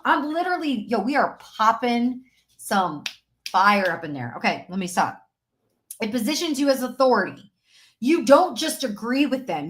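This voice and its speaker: A high-pitched woman hosts a live-stream coaching session. She talks with energy and preaches, repeating her main points for emphasis. She sounds like a business coach rallying her audience. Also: fairly bright tone.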